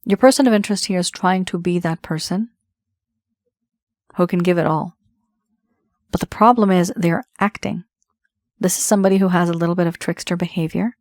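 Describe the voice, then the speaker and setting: Low-voiced woman giving a tarot reading. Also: brisk, pauses often, a little mellow, dry recording, clean studio sound. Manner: reassuring, conversational, addresses viewer directly. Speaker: tarot reader.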